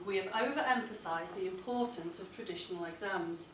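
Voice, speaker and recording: Heard from a distance in an echoing room with a low hum behind her, a woman teaching English runs a writing lesson. Her mid-range voice is clear and unhurried, and she leans hard on important words when reading sample passages.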